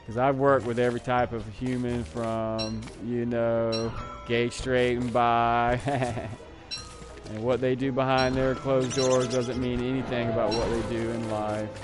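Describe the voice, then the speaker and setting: A man's voice: mid-range voice, flat delivery, a little slow. A man live streaming who chats in a casual, rambling and digressive way, talking back to his viewers. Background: music.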